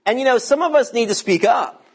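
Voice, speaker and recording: A man in his fifties from the United States preaching a sermon, swelling to emphatic shouts and slowing down to read scripture. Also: very high voice, lively intonation, slightly rough. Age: 50s.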